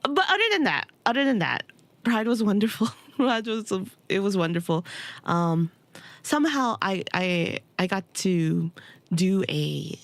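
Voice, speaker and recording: A young woman chatting on a game stream, her pitch bouncing widely as she giggles through a story. The sound is close and dry, with no room around it. She keeps it casual and animated. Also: a little slow, no echo. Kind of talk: casual chat while gaming.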